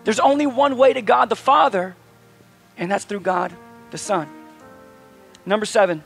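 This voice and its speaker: A man's voice: high-pitched, animated, normal speed, creaky, fairly bright tone, breathy edge, soft background music. A male pastor preaching a sermon in a conversational, emphatic way, asking his listeners questions.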